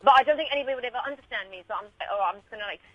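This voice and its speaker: Brief: young woman, bubbly radio guest, high voice, slightly dull lo-fi sound. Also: crowd noise. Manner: bubbly, quick, laughs often, says "like" and "man". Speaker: reality show contestant, guest. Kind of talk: casual interview chat.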